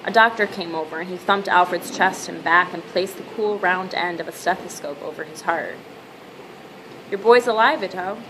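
Woman narrating an audiobook, lowish voice. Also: fairly quick, few pauses, background noise. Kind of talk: scripted narration.

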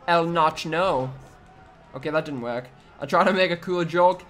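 Excitable young man commentating a game. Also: a little high, moderate pace, soft background music. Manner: excitable, trash-talking the opponent, sudden loud outbursts. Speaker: gaming YouTuber. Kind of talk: let's-play commentary.

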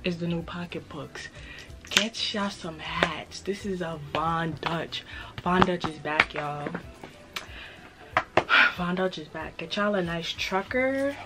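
A young woman with a New York accent and a slightly raspy voice, hosting a casual haul video and hyping her purchases to viewers in a playful way. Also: on the low side, slow, loud music behind the voice. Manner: playful, hyped, repeats phrases, talks straight to viewers. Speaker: fashion vlogger.

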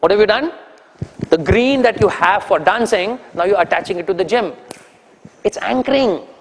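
A man with an Indian English accent giving an animated, teasing training talk to an audience, throwing questions at them. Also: high voice, normal speed, long reverb tail. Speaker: corporate trainer.

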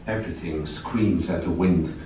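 A man reading his poetry aloud in a slow, measured recitation at a library event. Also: low-pitched, dark tone, slight background noise. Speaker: poet. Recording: echoey room, distant mic.

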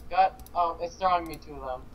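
A jumpy man co-playing a game and chatting casually, quick to yelp when startled. His voice sits a bit high for a man. A faint hiss runs under the home recording. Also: poor audio. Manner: jumpy, yelps in panic. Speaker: co-player. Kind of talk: casual gaming chat.

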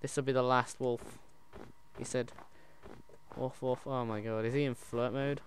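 An excitable man gives chatty gameplay commentary in a voice of middling pitch. He keeps calling out to his pet wolf. Loud noise hisses under the recording. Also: moderate pace. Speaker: gaming channel host.

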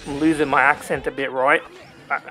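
A man's voice: medium pitch, little pitch movement, brisk, sharp tone, faint music behind. A man with a put-on, exaggerated Australian accent giving rambling gameplay commentary, tacking "mate" and "right?" onto his lines. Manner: hams up a jokey Aussie persona, tags lines with "mate" and "right?"; rambling, self-talking with many ums. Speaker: gaming channel host.

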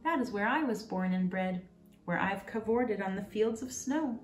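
A woman's voice: medium pitch, expressive, moderate pace, lightly acted. A woman voicing a proud reindeer who longs for the snow, in a storybook reading. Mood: longing. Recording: roomy, distant, faint music.

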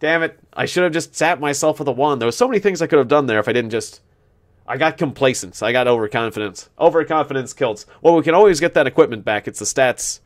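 Here a man talks fast at a medium pitch, hosting a let's-play and rambling casually as he games. Self-deprecating and amused by his own jokes, he frequently restarts sentences while thinking aloud.

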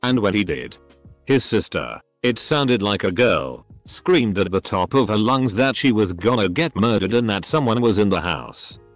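A man's voice: on the low side, expressive, normal speed, no room sound, soft background music. A man reading online stories aloud as a channel narrator, spelling out abbreviations letter by letter.

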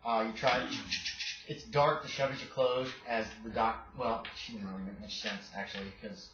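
Man running a tabletop game, echoey room. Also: mid-range voice. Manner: casual, halting, filler-heavy narration. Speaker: game master. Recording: echoey, dull home recording with background noise.

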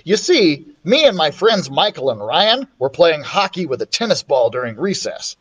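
A man reading a children's chapter book aloud, expressive and playful, switching voices for the characters. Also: moderate pace, slightly rough. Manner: expressive, voices the characters with big pitch swings. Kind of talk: storybook read-aloud.

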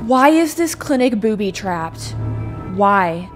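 Woman, game commentary, excitable, swears a lot, faint music behind. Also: medium pitch, slow pace. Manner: excitable, swears, talks to herself. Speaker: gameplay streamer. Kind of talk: let's play commentary.

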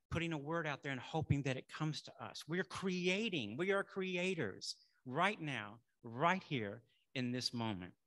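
A middle-aged male minister preaching a sermon in a conversational way, saying y'all and building to loud affirmations. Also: on the high side.

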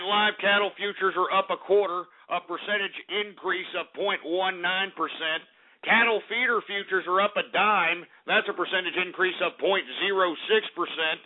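A man hosting a comedic talk radio show, rowdy and cursing, yelping and out of breath. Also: sits high. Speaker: radio host. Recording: tinny phone-like radio audio with faint music.

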